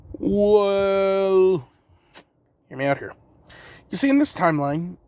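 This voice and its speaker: Rambling, slightly high-voiced man storyteller. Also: rough recording. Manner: rambling, full of "you know" and swearing. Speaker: fan fiction storyteller. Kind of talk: casual improvised storytelling.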